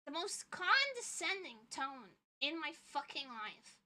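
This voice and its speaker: A young adult woman streamer telling a story as an animated, indignant rant, swearing freely and repeating lines for emphasis. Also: high-pitched, slow. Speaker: vtuber streamer.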